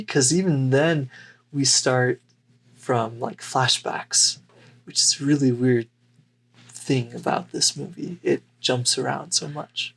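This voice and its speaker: Male podcast co-host, unhurried rambling delivery. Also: medium pitch, fairly even intonation, vocal fry. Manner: rambling, unhurried, many fillers. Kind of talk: casual chat.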